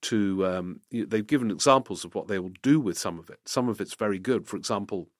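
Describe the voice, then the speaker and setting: A middle-aged man with a fairly low voice, recorded dry and close. He hosts a political podcast and answers listener questions in loose, unscripted commentary. He thinks out loud, stumbling and restarting sentences as he goes. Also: a little fast, no echo. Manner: thinking aloud, with restarts and stammers.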